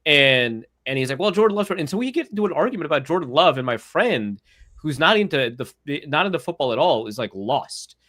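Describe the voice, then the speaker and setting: A man's voice: fairly high pitch, brisk. A man who writes about football, chatting casually on a podcast and telling a story with lots of acted-out dialogue. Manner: animated storyteller, acts out quoted dialogue.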